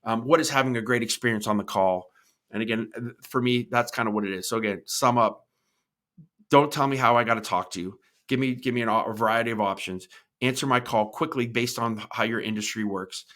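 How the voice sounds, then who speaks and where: Middle-aged guy doing a solo podcast, bright forceful voice, repeats himself a lot, keeps saying right?. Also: mid-range voice, brisk. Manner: thinking aloud, repeats words, tags points with "right?". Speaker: podcast host. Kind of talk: solo podcast talk answering live comments.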